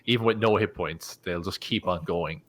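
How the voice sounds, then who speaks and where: Brief: male podcast co-host, deep voice, enthusiastic rules explainer. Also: moderate pace, fairly bright tone. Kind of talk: casual chat about tabletop games.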